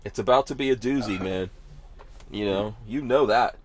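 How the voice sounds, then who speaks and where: A man's voice: fairly low pitch, moderate pace, slight background noise. Sarcastic male podcast host. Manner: sarcastic, laughing often, filler-heavy. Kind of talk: casual news chat.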